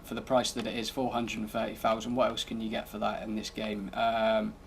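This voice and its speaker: A man's voice: lowish voice, completely flat delivery, fairly quick, vocal fry, slight background noise. A man giving casual, laid-back commentary over gameplay, thinking aloud as he drives and tests a car. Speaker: gaming channel host.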